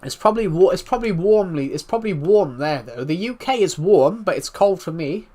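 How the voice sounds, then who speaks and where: A British man streaming live and chatting with viewers, talking calmly with frequent restarts, his voice thick from being slightly ill. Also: high-pitched, brisk. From United Kingdom. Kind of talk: casual live stream chat.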